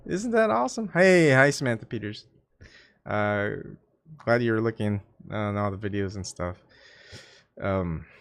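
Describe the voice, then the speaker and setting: A man's voice: medium pitch, dry recording, clean studio sound. A man hosting his own channel, chatting casually to his live-stream viewers in a rambling, self-mocking way with lots of fillers and restarts. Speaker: YouTube channel host.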